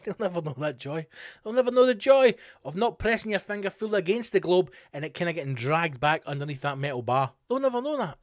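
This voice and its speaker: A man's voice: high-pitched, very animated, fairly quick, no room sound, clean studio sound. A man hosting his own podcast, delivering a sweary, sarcastic comedic rant. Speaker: podcast host. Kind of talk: ranting comedic monologue.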